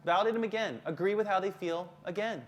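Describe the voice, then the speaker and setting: Male counselor running a teacher workshop in front of a room; lively and engaging, lowers to a soft calm voice for examples. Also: fast, a little hiss or hum. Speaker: school counselor presenting to teachers. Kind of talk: live workshop talk.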